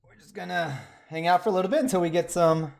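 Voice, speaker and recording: A man's voice: sits high, quick pace, gravelly, a little mellow. Chatty male stream host, joking. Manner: joking, chatty, trails off into mumbles. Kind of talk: casual livestream chat.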